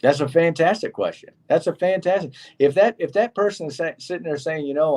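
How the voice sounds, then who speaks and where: A man's voice: fairly high pitch, a little fast, hardly any pauses, darkish tone. A middle-aged man co-hosting a casual chat show, telling stories and acting out the people he quotes. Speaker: co-host.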